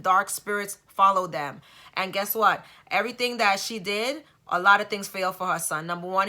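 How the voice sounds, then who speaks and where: Emphatic woman telling a story, bright tone. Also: medium pitch. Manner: emphatic, with rhetorical asides. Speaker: vlogger. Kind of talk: casual storytelling monologue.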